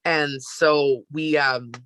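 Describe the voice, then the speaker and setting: A woman from Canada, a wrestler guest on a podcast, telling a story in a casual, animated way with lots of fillers. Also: low voice, drawn-out words, clear, resonant tone, no echo.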